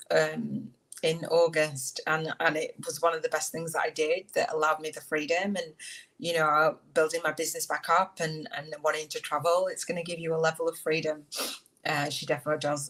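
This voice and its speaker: A woman's voice: sits low, level tone, normal speed, rough recording. Emotional woman hosting a livestream. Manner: warm, affectionate, emotional, calls viewers darling and beautiful. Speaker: podcast host on a livestream. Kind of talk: casual livestream chat with card reading.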